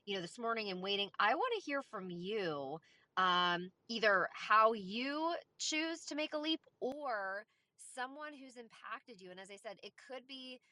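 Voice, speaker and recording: Woman moderator, upbeat and coaxing, bright tense tone, mid pitch. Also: expressive, unhurried. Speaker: host. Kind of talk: moderating a live audio room.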